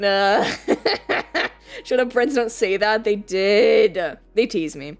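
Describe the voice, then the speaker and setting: Woman streamer, casual live chat, rambly and giggly, cusses freely, mid-pitched voice. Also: expressive, extremely slow, long pauses.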